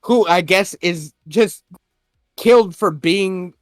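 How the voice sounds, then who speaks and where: A man's voice: high-pitched, slow pace, dry recording, clean studio sound, soft background music. A young man co-hosting a podcast, chatting casually with lots of laughter and swearing. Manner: laughing, profane, acts out characters' lines. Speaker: podcast co-host. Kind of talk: casual chat recapping an anime.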